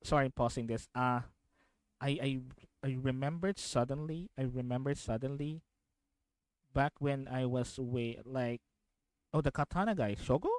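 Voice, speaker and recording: A man's voice: mid-range voice, normal speed, darkish tone, clean tone, no echo, poor audio. A young man from the Philippines streaming from home, chatting casually and rambling as he reacts to videos, repeating himself and laughing often.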